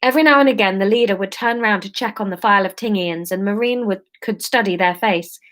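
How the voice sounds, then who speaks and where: A woman's voice: mid-range voice, fast, a bit bright. A woman in her thirties reading her story aloud on a livestream, breaking off into chatty, self-mocking asides. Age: 30s.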